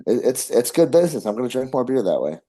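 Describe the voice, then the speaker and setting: A man's voice: medium pitch, very animated, fast talker, dark tone, husky. A man co-hosting a casual podcast, cracking jokes and moving the conversation along. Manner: joking, steers the talk. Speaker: podcast co-host. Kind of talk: casual chat.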